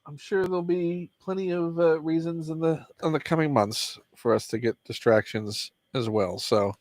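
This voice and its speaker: A man hosting a casual chat while opening toys, with a lively, jokey way of talking. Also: a little high, normal speed, no room sound. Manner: lively, jokey, reads packaging aloud. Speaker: host.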